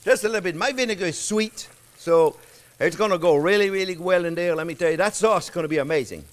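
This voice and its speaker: An older man hosting a cooking demonstration, chatting warmly to viewers as friends and laughing often. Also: sits high, fast talker. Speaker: cooking show host. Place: home-style kitchen.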